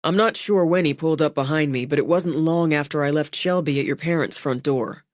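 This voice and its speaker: A woman's voice: deep voice, fairly quick, no echo, natural voice. A woman reading voices a shaken young man after a crash, talking in a dry, joking way. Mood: dazed, wry.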